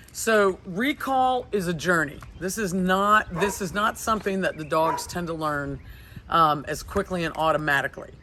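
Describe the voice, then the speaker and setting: A man's voice: high-pitched, sharp tone, a little hiss or hum. A man working as a dog trainer, giving owners upbeat, encouraging step-by-step instructions outdoors in a yard, filmed by a helper holding the camera. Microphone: camera held by a helper.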